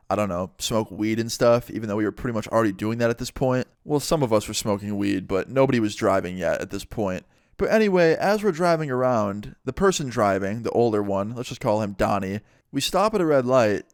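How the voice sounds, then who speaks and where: A laid-back young man in his twenties tells a story in loose, slangy talk and swears freely. His voice sits in a middle pitch, and the recording is dry and close. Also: smooth, dry recording. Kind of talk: casual storytime.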